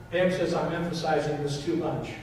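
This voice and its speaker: A man's voice: fairly high pitch, darkish tone, slight background noise. A man, a pastor, preaching a sermon with emphatic repetition and questions to the congregation. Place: church sanctuary. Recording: echoey church hall, mic from a distance.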